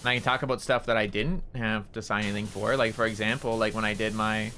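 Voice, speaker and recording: A man's voice: lowish voice, little pitch movement, fast talker, bright, forceful tone, a little hiss or hum. A man streaming a game, chatting casually in a rambling, candid way and swearing freely. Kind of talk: casual chat while gaming.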